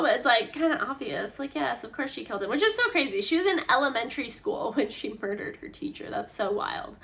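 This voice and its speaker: A woman host giving a chatty, casual book recap, full of fillers and animated asides. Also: high voice, normal speed.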